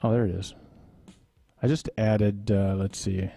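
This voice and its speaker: A man's voice: on the low side, fairly even intonation, a little slow, warm tone, no echo. A man from Texas with a Texas accent, a musician hosting a live webcast who rambles and thinks aloud while he sets up. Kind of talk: casual live-stream chat. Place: home studio.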